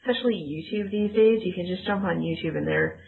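A woman co-hosts a podcast over a tinny call line, her voice fairly low, brisk and gravelly with a faint hiss or hum. She chats casually and rambles, packing her talk with "like" fillers.

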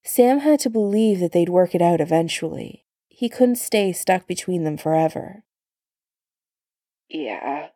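A woman narrating fan fiction aloud in a calm, even storytelling manner. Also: fairly low pitch, moderate pace, no echo, studio quality.

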